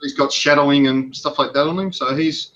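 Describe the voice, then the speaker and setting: Bright-voiced man explaining eagerly. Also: a little high, steady tone, highs cut off. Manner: eager, explains with quick repeated restarts. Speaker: guest modeler. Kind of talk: casual video-call chat. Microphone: video call.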